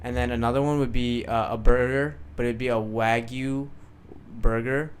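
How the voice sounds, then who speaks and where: A young man co-hosting a podcast, chatting in an animated way, swearing and laughing often. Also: medium pitch, normal speed, slight background noise. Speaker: podcast co-host. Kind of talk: casual chat.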